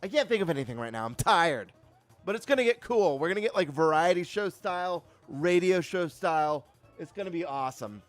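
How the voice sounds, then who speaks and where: A man hosting a live stream, chatting casually and greeting viewers with excited energy. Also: a little high, a little fast, faint music behind.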